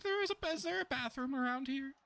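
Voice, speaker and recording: A man's voice: very high voice, brisk, creaky, pushed and bright, voice pushed up, full character voice. A man voicing a confused old man who rambles politely and absent-mindedly in a tabletop role-play. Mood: rambling.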